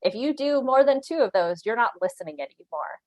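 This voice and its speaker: A woman's voice: on the high side, expressive, a little fast, darkish tone, no room sound, low-quality recording. A woman leading an online training session, explaining things earnestly, often checking in with "right?" and laughing lightly now and then. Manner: earnest and instructive, with occasional laughs and frequent "right?" check-ins. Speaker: animal control officer giving a training.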